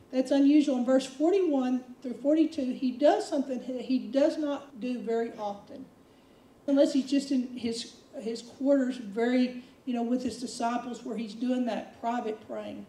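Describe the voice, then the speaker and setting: A woman preacher delivering a sermon in a conversational, emphatic manner. Her voice is high and warm. It echoes through a roomy space from a distant mic. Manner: conversational, emphatic, acts out quotes.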